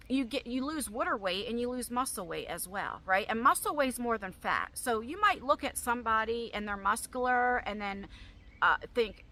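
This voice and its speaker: A woman's voice: fairly high pitch, sharp tone. A woman vlogger answering viewer questions in a casual, rambling chat full of fillers. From New Jersey, US. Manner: chatty, rambling, frequent fillers. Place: at home.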